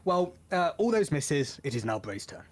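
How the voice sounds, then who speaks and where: Playful game master, higher voice. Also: male voice, big pitch swings. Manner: playful, laughs often, quick restarts. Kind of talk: running a tabletop game.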